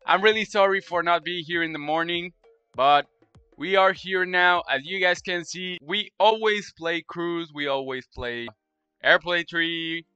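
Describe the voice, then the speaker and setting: A man streaming a game live, talking to his chat in an excitable way, repeating himself and gushing thanks. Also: fairly high pitch, clean tone, no echo, highs cut off. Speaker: Roblox streamer.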